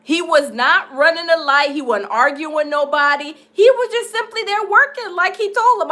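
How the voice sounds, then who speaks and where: A woman's voice: very high-pitched, moderate pace, few pauses. A woman hosting a casual livestream, reacting to a clip and reading viewer comments aloud with laughter. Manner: laughing, animated, reads chat aloud.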